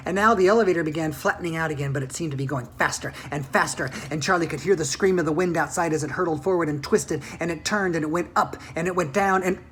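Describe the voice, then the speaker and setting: A woman reading a children's book aloud in an animated, expressive way. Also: sits low, fast talker, hardly any pauses, slight background noise. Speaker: storyteller.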